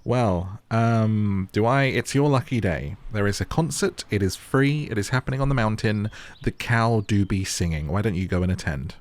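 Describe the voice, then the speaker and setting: Male gaming YouTuber, low voice, joking and casual, light game music underneath. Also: moderate pace. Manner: playful, joking, talks to game characters. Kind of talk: casual gameplay commentary.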